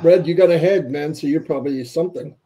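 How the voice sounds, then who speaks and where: A man's voice: fairly high pitch, quick pace, mellow, soft background music, poor audio. A man hosting a live stream, signing off with upbeat motivational urging. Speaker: host.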